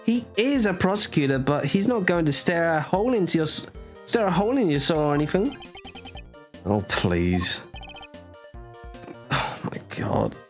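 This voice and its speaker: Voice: mid-range voice, lively intonation, quick pace, faint music behind. A streamer chatting casually and joking while playing a story game. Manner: joking, reads every game role aloud.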